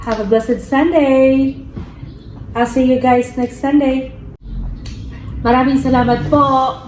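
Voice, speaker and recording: A woman from the Philippines hosting a family mukbang vlog, chatting slowly and coaxing her child. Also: high voice, fairly even intonation. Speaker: vlogger mother hosting a mukbang. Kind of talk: casual family vlog chat. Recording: echoey room with faint background hum.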